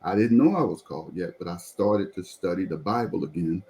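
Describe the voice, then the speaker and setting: A pastor telling a personal testimony in conversation, animated and repeatedly drawing the listener in to follow along. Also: male voice, low-pitched, a little fast, rough recording.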